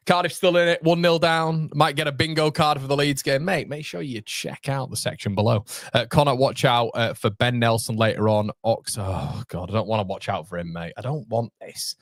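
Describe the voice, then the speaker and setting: Chatty football fan host. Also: male voice, mid-range voice, a little fast, no echo. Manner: chatty, excitable, talks straight to viewers. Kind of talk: live match watchalong commentary.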